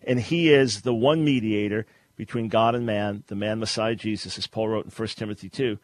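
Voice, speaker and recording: A man's voice: fairly even intonation, moderate pace, no room sound. Emphatic male radio host. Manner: emphatic, rising pitch when pressing a point. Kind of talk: call-in debate.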